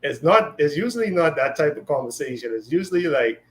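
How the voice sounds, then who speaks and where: A man's voice: a little high, expressive, brisk. A man co-hosting a casual spiritual discussion, talking loosely with lots of fillers and acted-out quotes. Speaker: co-host.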